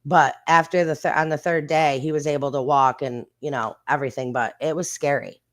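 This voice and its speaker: A woman's voice: low-pitched, steady tone. Blunt, rambling woman streamer chatting casually. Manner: rambling and blunt, swears freely, with quick bursts. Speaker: streamer and channel host. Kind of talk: casual live-stream chat.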